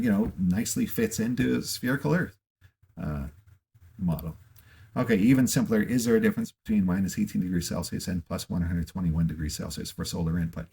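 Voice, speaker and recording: Indignant, rambling man on a monologue. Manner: emphatic and indignant, with big swings in pitch and loudness; rambling, with many restarts and fillers. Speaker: channel host. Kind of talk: unscripted monologue to camera.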